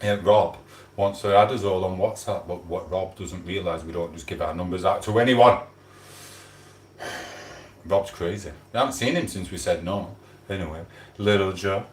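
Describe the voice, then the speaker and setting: Male streamer, casual rambling chat with viewers, low-pitched, echoey home room. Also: a little hiss or hum. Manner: chatty, greets viewers by name, rambling. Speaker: livestream host.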